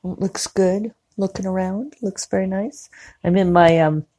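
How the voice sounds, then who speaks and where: A woman's voice: mid-range voice, fairly even intonation, dark tone. Chatty woman rambling about her day. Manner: chatty, rambling, quick to laugh. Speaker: podcaster. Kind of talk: casual diary-style monologue. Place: living room at home.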